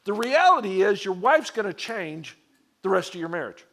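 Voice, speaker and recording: Lively storytelling man preaching. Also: normal speed. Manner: conversational storytelling with acted quotes; animated, shifting pitch and loudness. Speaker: pastor. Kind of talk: sermon to a men's group.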